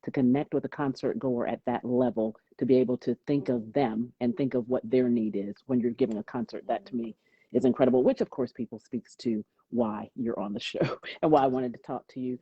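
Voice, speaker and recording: Husky-voiced woman podcast host. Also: very deep voice, steady tone, fairly quick, no room sound. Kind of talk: interview questions. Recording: dull, dry lo-fi audio.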